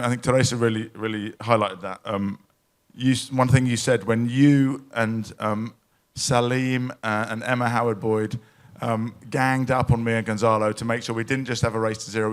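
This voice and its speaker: A man speaks at a live event in a pavilion, telling stories with a mid-range voice. He sounds emotional and anecdotal, stopping and restarting his sentences often. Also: mid-range voice. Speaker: panel speaker at a climate event.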